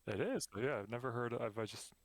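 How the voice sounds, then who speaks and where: A man co-hosting a podcast in relaxed casual chat, rambling and laughing often. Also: mid-range voice, fast talker, no room sound. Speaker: podcast co-host.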